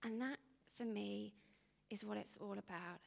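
A woman in her thirties giving an informal, rambling talk, telling stories with bursts of animation and hushed asides. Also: mid-range voice, a little slow, vocal fry, in a large hall. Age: 30s.

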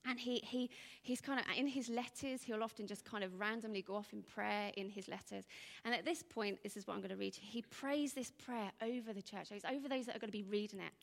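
A woman in her thirties giving an informal, rambling talk, telling stories with bursts of animation and hushed asides. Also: mid-range voice, fairly even intonation, fairly quick, vocal fry, few pauses, in a large hall. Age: 30s.

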